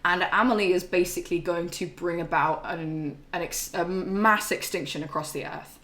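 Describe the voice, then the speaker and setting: A woman's voice: fairly low pitch, normal speed, fairly bright tone, roomy sound. A young woman streaming a game and recapping its story in a casual, chatty, sweary way. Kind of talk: casual chat.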